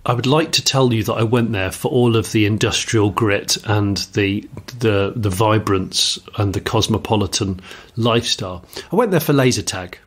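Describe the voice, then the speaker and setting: In a husky, fairly low voice, a podcast co-host talks casually at a moderate pace, with few pauses. His musings drift around, and he often starts over mid-thought.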